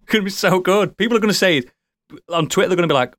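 A man co-hosting a casual gaming podcast, excitable and jokey, laughing often. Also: high-pitched, fast talker, no echo. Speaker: podcast co-host. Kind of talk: casual chat.

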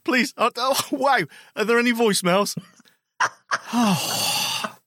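A man's voice: extremely high pitch, slow, pushed and bright, no room sound, clean studio sound. A man co-hosting a podcast in casual chat, teasing his co-host and laughing often.

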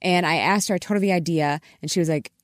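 A woman's voice: lowish voice, quick pace, no room sound, clean studio sound. A woman co-hosting a casual radio chat, rambling with asides and laughing easily. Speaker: podcast co-host. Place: radio studio.

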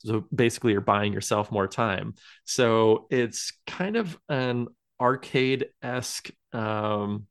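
A man's voice: lowish voice, slow pace, smooth. Casual rambling podcast co-host, man. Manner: rambling, hesitant, with many fillers and chuckles. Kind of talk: casual chat.

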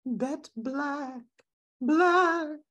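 A man putting on a tiny high voice that orders someone around from inside his head while telling a joke. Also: extremely slow, pushed and bright, soft background music, full character voice. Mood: commanding. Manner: high squeaky commanding whisper. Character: small bossy voice in a man's head.

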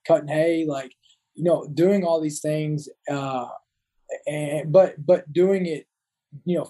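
A Marine veteran from the United States, in his thirties, is a guest in a casual interview, speaking in a fairly high pitch with a dark tone. He often restarts and repeats words, and the recording quality is low.

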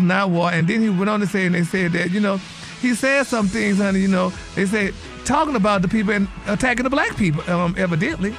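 Brief: campy male gossip host, played by a man, high-pitched, sassy drawl over faint music. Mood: flustered. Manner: sassy, peppers every phrase with honey and y'all. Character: flamboyant gossipy male celebrity news reporter. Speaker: gossip segment presenter. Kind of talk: comedic radio character bit.

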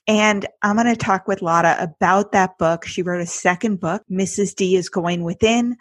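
A woman's voice: lowish voice, no echo. A woman hosting a podcast interview, chatty and enthusiastic as she introduces and questions her guest. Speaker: podcast host.

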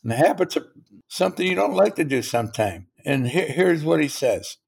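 A man's voice: fairly high pitch, lively intonation, fairly quick, creaky, husky. An older man, a motivational speaker, telling a story in an interview and acting out the quotes.

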